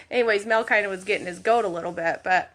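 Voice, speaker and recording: A woman's voice: medium pitch, fast talker, fairly bright tone. A woman, a mother of school-age kids, chatting in a rambling way to her followers and laughing now and then as she tells a story. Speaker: vlogger updating followers on her husband. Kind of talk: casual storytelling vlog.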